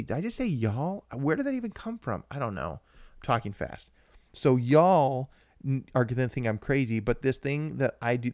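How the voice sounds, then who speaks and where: A young man co-hosting a live-streamed podcast, chatting casually in a rambling, excitable way while he answers viewers. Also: medium pitch, no room sound, clean studio sound. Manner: rambling and excitable, with frequent restarts and asides to viewers. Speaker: podcast co-host.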